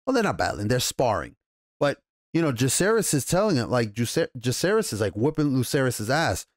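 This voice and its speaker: A man with a New York accent giving a casual, profane TV episode recap and review, animated and rambling, acting out the characters' lines as he goes. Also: medium pitch, a little fast, dry recording, studio quality. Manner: animated, profane, loose retelling with acted quotes. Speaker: TV show reviewer.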